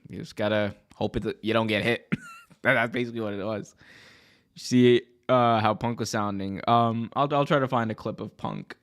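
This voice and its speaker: A man hosting a wrestling podcast, chatting casually with excitable, joking reactions and lots of slang. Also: on the low side, normal speed, smooth. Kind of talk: casual livestream commentary.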